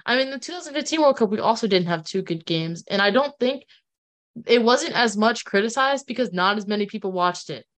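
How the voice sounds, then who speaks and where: Casual woman co-host, chatty and filler-heavy, middle pitch. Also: expressive, a little fast, fairly bright tone. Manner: chatty, laughing, many fillers and restarts. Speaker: podcast co-host. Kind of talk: casual sports chat.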